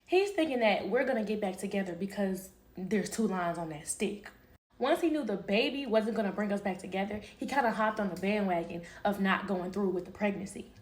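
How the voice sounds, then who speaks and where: A woman's voice: mid-range voice, animated, a little fast. A young woman telling a personal story in a casual, candid way, swearing and laughing easily.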